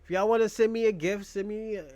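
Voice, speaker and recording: A man's voice: high voice, fairly even intonation, fast talker, a little mellow, dry recording. A man talking to his viewers in a loose, crude, rambling monologue. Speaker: streamer.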